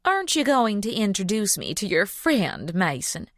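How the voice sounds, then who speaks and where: A woman's voice: mid-range voice, sing-song, normal speed, dry recording, studio quality, voice pushed up, close to an everyday voice. A woman voicing an older wealthy Southern belle mother with a sweet cooing drawl and a Southern US accent.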